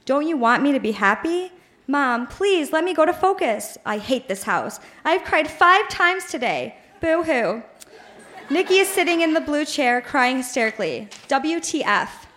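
A woman's voice: sits high, very animated, unhurried, fairly bright tone. A woman reading her teenage journal aloud on stage at a live show, in a pleading, melodramatic way. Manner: pleading, melodramatic teen outbursts. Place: live bar venue.

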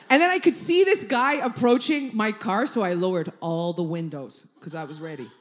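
A woman's voice: medium pitch, moderate pace, slight background noise. A woman doing a stand-up comedy set, telling brash, swearing stories in punchy bursts. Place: comedy club stage, audience laughing.

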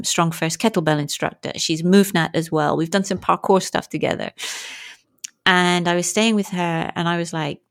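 A woman guest on an interview talks in a candid, lively storytelling style. She jumps into quoted speech with plenty of energy. Her pitch sits slightly below the usual for women. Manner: animated and frank, acts out quoted speech. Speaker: guest, movement and breathwork coach.

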